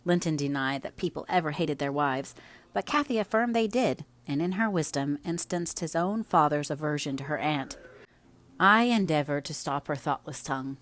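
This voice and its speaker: A woman narrating a classic novel as an audiobook reader, in measured storytelling. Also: low voice, animated.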